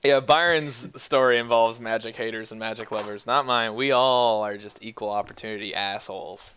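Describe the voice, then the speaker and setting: A man's voice: medium pitch, steady tone, normal speed, a bit bright, a little hiss or hum. A young man narrating as game master of a tabletop game, casual and profane.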